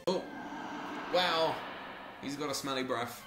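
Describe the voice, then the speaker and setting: A man's voice: mid-range voice, normal speed, echoey room, music in the background. A man giving comic, self-deprecating commentary over a video game, often stumbling over his words. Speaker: gaming YouTuber.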